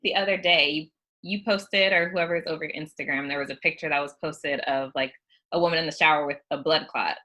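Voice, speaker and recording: A woman's voice: deep voice, steady tone, a little fast, bright, forceful tone. A woman interviewing a guest in a casual, encouraging way, chatty with many likes and fillers.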